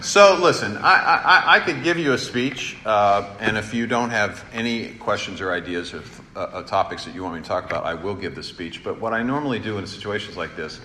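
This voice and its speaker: A middle-aged man speaking to an audience in a large hall, telling self-deprecating stories with a lively, up-and-down pitch. His voice carries a long hall reverb over steady room noise. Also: a little fast, hardly any pauses. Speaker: former governor giving a speech. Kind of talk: informal speech anecdotes to an audience.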